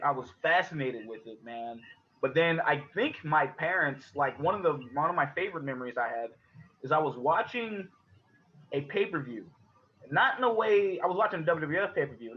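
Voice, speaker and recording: Profane rambling man on a podcast. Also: on the high side. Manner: profane, rambling storyteller who laughs at his own stories. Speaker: podcast co-host. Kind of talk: casual chat. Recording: dull lo-fi podcast audio.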